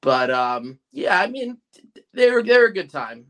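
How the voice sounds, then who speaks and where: A man's voice: high-pitched, big pitch swings, normal speed, fairly bright tone. A man in his forties chatting casually as a podcast host, rambling with many fillers and restarts. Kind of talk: casual chat.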